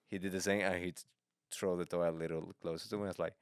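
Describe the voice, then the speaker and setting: A man with a Latino accent hosting a casual podcast, telling stories with frequent laughter and loud quoted outbursts. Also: sits low, little pitch movement, fast talker, clear, resonant tone, no echo, studio quality. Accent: Latino-accented English. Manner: laughs often, bursts into loud quoted voices. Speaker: podcast host. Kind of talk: casual comedic chat.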